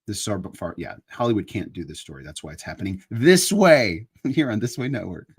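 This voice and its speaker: A man's voice: on the low side, animated, brisk, slightly rough. A man in his fifties hosting a casual live chat, talking earnestly and building into emphatic preaching. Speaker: online show host.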